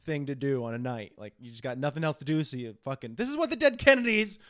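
A man co-hosting a podcast in casual chat, chiming in with jokes and quick agreement. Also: mid-range voice, very animated, fairly bright tone. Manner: joking, chiming in with quips and agreement. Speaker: podcast co-host.

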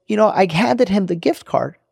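A man's voice: high-pitched, very animated, moderate pace, gravelly, a little mellow, slightly rough, dry recording, studio quality, voice pushed up, heavily acted. A man voicing a tearful young woman assistant. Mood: upset, pleading. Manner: tearful, hesitant. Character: upset young female office assistant.

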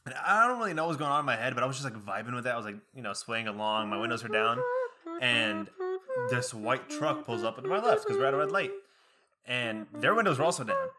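A man's voice: mid-range voice, very animated, fast, over a noisy crowd. A young man in casual podcast chat, telling stories in a laid-back way and laughing often. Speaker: podcast co-host.

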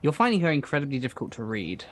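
A man's voice: mid-range voice, very animated, rapid-fire, a little hiss or hum. A man narrating an improvised tabletop game as dungeon master, describing scenes hesitantly with many fillers.

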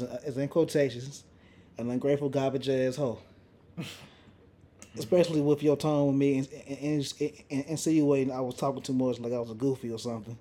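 Young guy on a podcast, cussing nonstop, rambling story, mellow dark voice. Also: medium pitch. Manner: profane, animated storytelling with lots of restarts. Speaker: podcast host. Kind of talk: casual chat.

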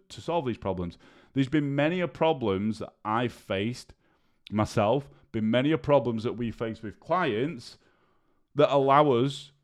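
Blunt, sweary man. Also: mid-range voice. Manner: blunt, swears freely, casual and direct. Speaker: podcast host and diabetes coach. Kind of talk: solo podcast monologue.

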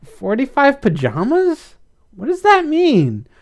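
An excitable, demanding young woman, as a man puts her on in a storybook reading. The voice is pitched far above his own and swings widely. Her lines come in loud, eager bursts. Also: a little slow, clean tone, exaggerated voice. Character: spirited young woman, jumpy.

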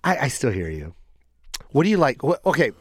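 A man hosting a comedy podcast, telling stories in an animated, profane way. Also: medium pitch, a little fast, slightly rough, no room sound, clean studio sound. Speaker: podcast host. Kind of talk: casual comedic chat.

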